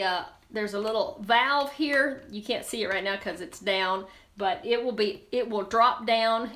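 A woman's voice: mid-range voice, a bit bright, roomy sound. A woman hosting a live cooking demonstration, chatty and bubbly as she talks straight to her viewers in a kitchen. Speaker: cooking show host.

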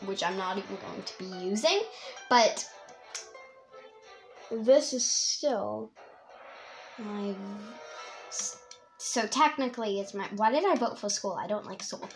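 A woman giving rambling, excitable let's-play commentary as a young YouTuber, laughing often. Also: mid-range voice. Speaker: gamer and YouTuber.

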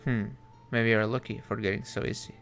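A man putting on a gravelly smoky devil. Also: flat delivery, a bit bright, soft background music. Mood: drawling. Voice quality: low and gravelly. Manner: slow, crude, drawling. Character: gruff smoky male devil on a train.

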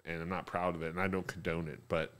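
A man with a very low, deep voice rambles through a dark comic monologue. He is profane and self-pitying, and he delivers it with a deadpan touch. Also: fast. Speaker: comedic monologue host.

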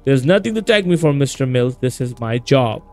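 A man voicing a calm male asylum doctor in a video game, reading his lines in a measured, soothing way. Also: medium pitch, soft background music, natural voice. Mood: reassuring.

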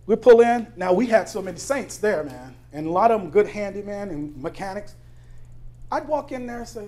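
High-voiced man preaching a lively sermon. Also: fairly quick. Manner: conversational preaching with call-and-response questions and laughing anecdotes. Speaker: pastor. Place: church sanctuary.

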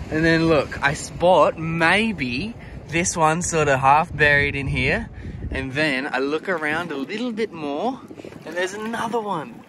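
Beach vlogger, unhurried, keeps exclaiming in disbelief, recorded outdoors with heavy wind hiss. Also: mid-range voice. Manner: exclaims often, thrilled and disbelieving. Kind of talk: excited shelling vlog. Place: beach at low tide, outdoors. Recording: wind noise on an outdoor mic. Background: wind and open-air ambience.

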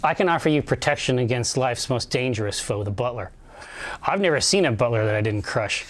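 A man's voice: mid-range voice, expressive, brisk, pitched below the performer's own voice, close to an everyday voice. A man playing a boastful male wrestler who brags about crushing butlers, delivering a grandiose promo. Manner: grandiose wrestling promo, regal then loud.

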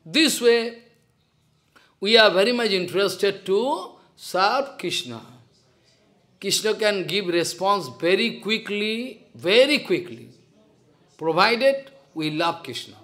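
A man's voice: sits high, animated, slow pace, fairly bright tone. A man with an Indian accent, a spiritual teacher telling a devotional story in simple, broken English and acting out the dialogue.

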